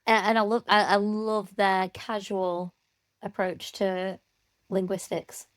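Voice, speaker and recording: A playful woman from the UK chats and guesses on a podcast, often breaking into giggles. Her voice sits at a middle pitch. It is recorded close, with a dry sound. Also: flat delivery, slow, no room sound. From United Kingdom. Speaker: podcast co-host. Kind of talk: casual chat.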